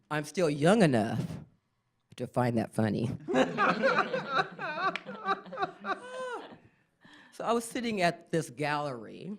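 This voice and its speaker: A middle-aged woman performing a stand-up comedy set, often jumping into squeaky acted-out voices. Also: wildly swooping pitch, slow pace, pauses often.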